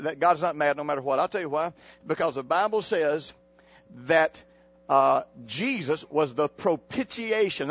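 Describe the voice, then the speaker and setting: A male pastor delivering a folksy sermon, calling on the congregation to repeat his words and jumping up into sudden exclamations. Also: highs cut off. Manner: preaching with call-and-response to the congregation; folksy, animated, with sudden pitch jumps.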